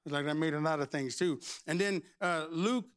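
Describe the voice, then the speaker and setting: A middle-aged man, preaching a lively, playful sermon with shouts and humor. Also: fairly high pitch, fairly quick, slight background noise. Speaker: pastor.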